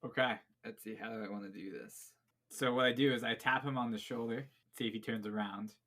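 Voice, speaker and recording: A man's voice: mid-range voice, steady tone, brisk, sharp tone. A young man playing a tabletop game, joking and describing his moves. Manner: joking, laughs through lines. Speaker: player. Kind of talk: casual tabletop play.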